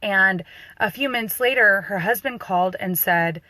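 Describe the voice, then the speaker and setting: A woman working as a doula, telling a personal story in a loose, animated way with fillers and restarts. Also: mid-range voice, normal speed, no echo. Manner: animated, acts out quoted voices.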